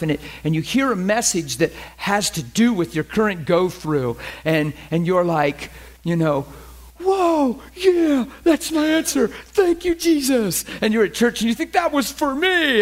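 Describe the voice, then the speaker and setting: A man with a somewhat high-pitched voice teaches scripture to a small group. His delivery is earnest and conversational. He keeps asking whether his listeners follow him. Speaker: Bible study teacher. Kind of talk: informal Bible study teaching.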